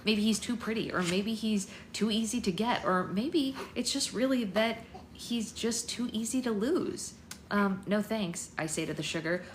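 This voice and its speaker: A woman hosting a book club, reading a novel aloud at home in a measured, expressive storytelling manner. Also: a little high. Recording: echoey room with background noise.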